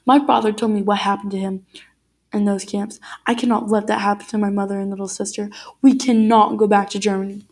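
Young refugee guy , woman reading him, defiant and urgent, flat-ish delivery. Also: mid-range voice, fairly quick, close to an everyday voice.

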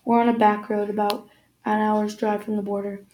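A woman's voice: mid-range voice, little pitch movement, normal speed, dark tone, echoey room, slight background noise, natural voice, rough recording. A woman reading as a protective father. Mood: matter-of-fact. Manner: pleading, then dryly joking. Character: frightened but protective father, wry.

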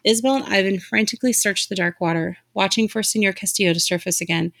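A woman reading a novel aloud with dramatic expression, lifting her voice for the characters' shouts. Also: fast, vocal fry. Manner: dramatic reading, raising pitch for shouted lines. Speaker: reader.

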